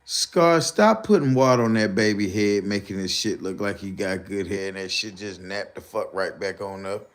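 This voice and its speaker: A man with commentating a live stream, ranting and joking loudly with slang and mocking put-on voices. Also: fairly low pitch, moderate pace, few pauses. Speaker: streamer reacting to videos.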